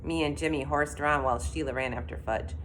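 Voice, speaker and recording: A woman reading a children's story aloud in an expressive, animated way. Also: low voice, fast talker, slight background noise. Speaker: reader.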